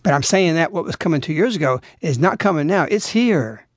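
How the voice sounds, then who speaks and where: Urgent and exhorting, a radio host preaches on his religious show and breaks into pleading outbursts to his listeners. His slightly high voice moves fairly quickly with lively intonation, recorded in clean studio sound with no room echo.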